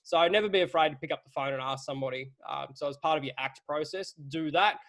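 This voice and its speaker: A man in a relaxed webinar chat. His voice sits a little high, and he explains things bluntly and with energy, dropping the odd casual swear word. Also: quick pace. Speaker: webinar host.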